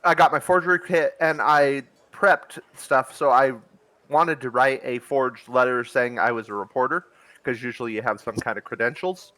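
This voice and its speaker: A man's voice: medium pitch, normal speed, sharp tone, no room sound. A man explaining his moves as a player in a tabletop game, matter-of-fact. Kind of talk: casual tabletop game talk.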